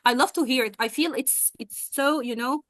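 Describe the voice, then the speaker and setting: Bright high-voiced bubbly woman teacher. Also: normal speed, no echo, clean studio sound. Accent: American-style English. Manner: bubbly, enthusiastic, gushing praise. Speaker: English session teacher. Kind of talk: casual speaking practice on a video call. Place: video call.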